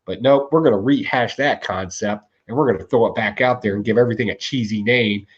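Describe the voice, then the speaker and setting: A man in his forties co-hosting a comic book podcast, ranting about a bad comic in a casual, animated way with laughs. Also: lowish voice, a little fast, lo-fi sound. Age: 40s. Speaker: podcast co-host.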